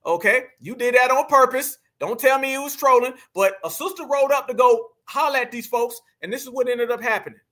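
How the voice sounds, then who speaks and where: A man's voice: extremely high pitch, fairly quick, hardly any pauses, bright, forceful tone. A man hosting a fired-up online commentary, emphatic and preachy, calling his viewers family.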